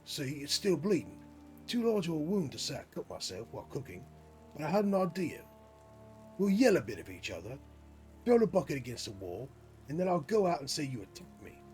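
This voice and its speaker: A man's voice: medium pitch, sing-song, quick pace, faint music behind, close to an everyday voice. A man reading out a scheming, wounded prison guard from a game in a hammy put-on accent. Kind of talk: reading game dialogue aloud.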